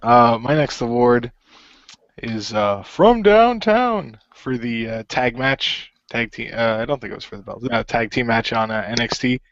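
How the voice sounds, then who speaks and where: A man's voice: mid-range voice, fairly even intonation, moderate pace, fairly bright tone, dry recording. A man hosting a casual wrestling chat, moving things along hesitantly with many fillers. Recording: dull dry lo-fi audio.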